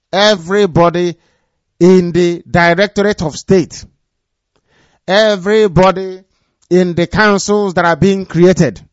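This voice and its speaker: A man giving a live radio address to his followers as their movement leader. He speaks in a commanding, repetitive way and drops low and quiet when he gives warnings. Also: dry recording, muffled recording.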